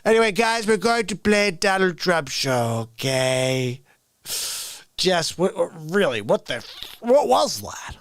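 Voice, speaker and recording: A man's voice: a little high, slow, a bit bright, clean tone, no room sound. A man hosting a daily comedy livestream, talking to viewers in a goofy, loose manner with laughing asides. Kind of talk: casual comedic livestream chat.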